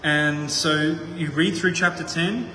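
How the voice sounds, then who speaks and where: A man's voice: on the high side, fairly even intonation, slow pace, bright, forceful tone, slight background noise. A man preaching a conversational sermon, thinking aloud with frequent restarts. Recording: echoey hall with long reverb.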